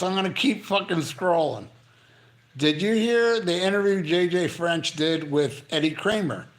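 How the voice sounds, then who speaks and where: Somewhat high-voiced, an older livestream host works through viewer comments while medicated for pain. He goes off on blunt, animated, profanity-heavy rants in a casual setting.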